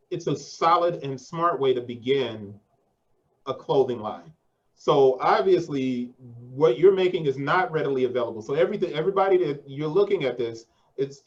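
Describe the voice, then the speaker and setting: Slangy male host with a lo-fi sound. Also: fairly high pitch. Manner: slangy and conversational, says 'yo' and 'man'. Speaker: podcast host. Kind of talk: casual interview.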